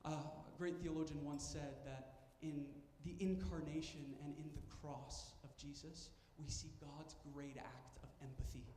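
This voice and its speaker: A man's voice: on the high side, steady tone, measured pace, few pauses, warm tone, a little hiss or hum. A man preaching a sermon as pastor, telling stories with emphatic repetition. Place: church sanctuary. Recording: echoey church hall with faint ambience.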